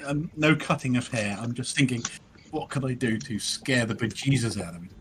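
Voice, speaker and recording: A man's voice: medium pitch, moderate pace, crowd noise. A man playing a tabletop game, hesitant and thinking aloud with ums. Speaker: player.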